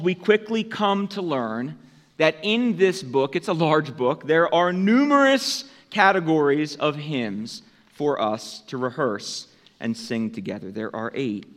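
A man preaching a sermon as pastor, in an unhurried, conversational way that lifts for emphasis. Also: on the high side, expressive. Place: church sanctuary. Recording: long church hall reverb.

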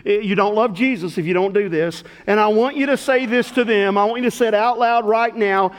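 A middle-aged man preaching as pastor to a congregation in a church, swinging between loud calls and hushed words. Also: high-pitched, fairly quick, few pauses. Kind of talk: sermon. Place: church sanctuary. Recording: long hall reverb.

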